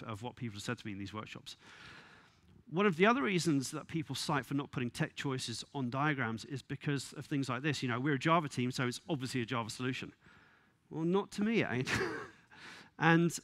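A man giving a conference talk, wry and exasperated, with quick asides and laughs. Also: mid-range voice, animated, fairly bright tone, no room sound. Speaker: conference speaker. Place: conference venue.

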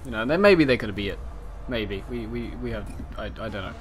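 A man's voice: fairly low pitch, expressive, a little fast. A man co-commentating an online racing league, teasing and sarcastic. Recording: noisy game audio in background.

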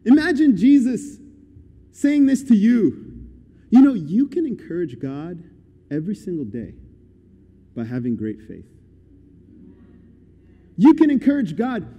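Male guest preacher, high voice, unhurried, animated sermon delivery. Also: slightly rough. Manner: animated, swings from quiet to loud. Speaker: guest speaker. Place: church hall. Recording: church hall reverb.

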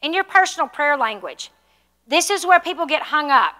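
Bright-voiced woman teaching in an echoey hall. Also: sits high, expressive, moderate pace. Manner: conversational, asks the room questions. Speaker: pastor teaching a class. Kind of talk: sermon teaching. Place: church hall.

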